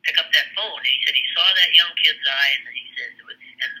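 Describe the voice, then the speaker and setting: An older man with a somewhat high, very bright and forceful voice recounts family war stories in casual conversation. He rambles and halts, restarting his sentences often. His language is blunt and salted with profanity. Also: brisk, poor audio.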